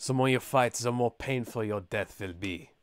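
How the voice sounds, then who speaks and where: A man's voice: medium pitch, moderate pace, clean tone, no room sound, lightly acted. A man voicing a sneering male villain with a skull face, in a shaky put-on German accent that slides toward Spanish. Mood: menacing. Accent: put-on German drifting toward Spanish. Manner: cold, menacing threats.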